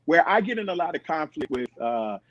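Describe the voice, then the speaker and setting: Middle-aged male guest, fairly high voice, animated storyteller who acts out quotes, dull and dry recording. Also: brisk, dry recording. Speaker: podcast guest. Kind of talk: storytelling in conversation.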